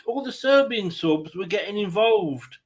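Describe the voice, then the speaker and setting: High-voiced excitable man calling a match. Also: a little slow. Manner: excitable, laughs easily. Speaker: watchalong host. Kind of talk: casual live match commentary.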